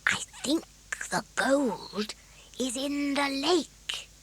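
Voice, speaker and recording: A woman voicing a brave, cheerful male gnome who is often hushed and eager. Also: fairly high pitch, sing-song, slow pace, slight background noise, full character voice.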